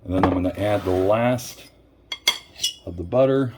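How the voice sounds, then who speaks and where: A man's voice: low-pitched, normal speed, heavy background noise. A man from Puerto Rico hosting a home cooking video, chatting casually to viewers as he works in a kitchen. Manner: chatty, talks straight to viewers as "folks". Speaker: cooking show host. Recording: clear clatter of dishes and utensils.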